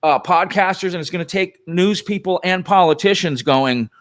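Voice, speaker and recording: A man's voice: sits high, normal speed, a bit bright. A man who is a guest on a talk show, speaking emphatically and with profanity in casual political conversation. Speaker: guest filmmaker.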